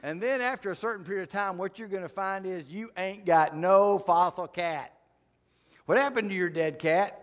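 A man lectures a live audience from slides in a folksy, joking way, landing his punchlines dry. His voice sits a little high for a man. The sound carries a long reverb from a big hall. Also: normal speed, a bit bright. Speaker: creation science speaker.

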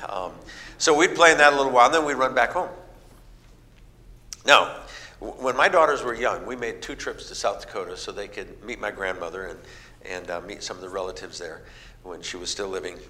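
A middle-aged Midwestern man with a fairly low voice preaches a sermon at a fairly quick clip, spinning folksy stories and giving animated voices to the people he quotes. The reverberant hall carries a faint background noise.

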